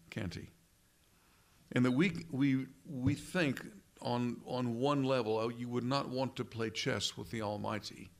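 A man leading prayer and preaching a sermon in an earnest, measured way, often tagging lines with rhetorical questions. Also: medium pitch, gravelly. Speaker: pastor.

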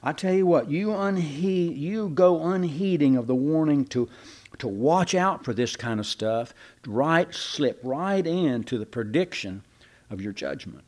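A man's voice: on the high side, animated, measured pace, darkish tone. A man preaching a sermon in a folksy, conversational way, often repeating and restarting his words.

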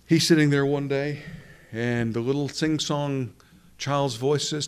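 Preacher, male, mid-pitched voice, earnest sermon delivery with repeated phrases for emphasis. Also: steady tone, measured pace, smooth.

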